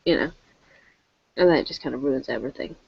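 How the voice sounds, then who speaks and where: An English woman chatting on a video call, self-mocking and quick to laugh. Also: a bass voice, gravelly, slightly rough. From England. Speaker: show regular. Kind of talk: casual chat on a video call. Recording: dull lo-fi call audio.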